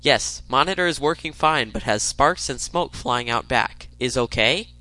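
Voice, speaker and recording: A flustered customer in a thick Russian accent, mangling his English on a support call, as a man acts him out. The voice is bright and forward. It sounds dry and close to the mic. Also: mid-range voice, lively intonation, normal speed, no room sound. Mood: worried. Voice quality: broken English.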